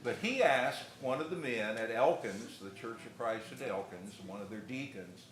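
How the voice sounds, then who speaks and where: A middle-aged man preaching a sermon in a church, telling folksy stories with pauses and restarts. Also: medium pitch, lively intonation. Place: church hall. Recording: echoey room with faint noise.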